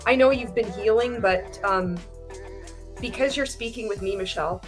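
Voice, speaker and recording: A woman's voice: mid-range voice, moderate pace, soft background music. A woman hosting a reaction commentary livestream, blunt and indignant, swearing freely. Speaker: commentary host.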